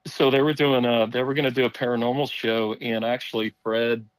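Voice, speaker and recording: A man of middle pitch spins a long, rambling story in casual podcast chat. He is animated and acts out the people he quotes. The sound is dry, with no room echo. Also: brisk, clean tone.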